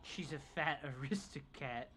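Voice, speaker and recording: A woman streaming a game, chatting casually with viewers in an excitable, profane, joking manner. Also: sits low, normal speed, very noisy. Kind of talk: casual live-stream chat.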